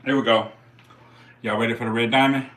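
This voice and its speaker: A man's voice: medium pitch, steady tone, brisk, a bit bright. A man hosting a live stream, giving casual commentary in slangy, profane, hyped-up banter.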